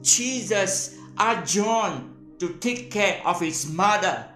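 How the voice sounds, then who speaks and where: A woman preaching a sermon in short, measured phrases, pausing for an interpreter. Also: medium pitch, expressive, a bit bright, roomy sound, soft background music.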